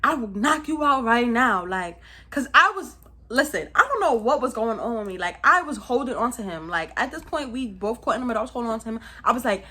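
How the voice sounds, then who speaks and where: Brooklyn girl telling a storytime, new york accent, kinda high bright voice, lots of slang. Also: very animated, fast talker, slightly rough. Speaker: vlogger. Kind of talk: casual storytime.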